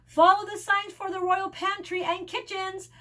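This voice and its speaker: A woman's voice: very high-pitched, little pitch movement, normal speed, sharp tone, pitched above the performer's own voice. A woman voicing an announcing male goose in a storybook, who flies passengers and calls out landmarks and landings. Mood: instructive.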